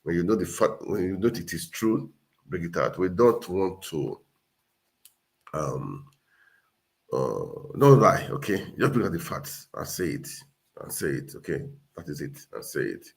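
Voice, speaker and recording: A man's voice: low voice, lively intonation, unhurried, gravelly. A man hosting a casual livestream, talking earnestly and repeating himself as he urges viewers on. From Nigeria. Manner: earnest, repetitive, exhorting. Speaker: livestream host.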